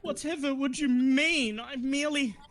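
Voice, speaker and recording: A man's voice: extremely high pitch, steady tone, moderate pace, fairly bright tone, voice pushed up, poor audio. A man voicing a young woman, an aspiring actress who fakes sobs and plays up her worry. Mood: fake distress. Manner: theatrical, fake sobbing, dramatic.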